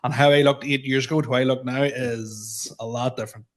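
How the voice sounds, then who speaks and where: A man in his thirties, co-hosting a comedy podcast with a relaxed, laughing, trailing manner. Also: mid-range voice, fairly quick. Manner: laid-back, laughs often, trails off. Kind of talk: casual comedic chat.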